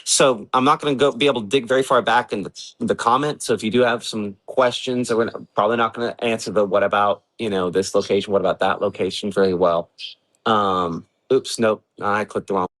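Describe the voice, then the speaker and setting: This weather forecaster's livestream comes through a rough recording, his medium-pitched, fairly bright voice fairly quick and even in intonation. Working the maps during an early-morning severe weather briefing from home, he chats casually and thinks aloud, using fillers.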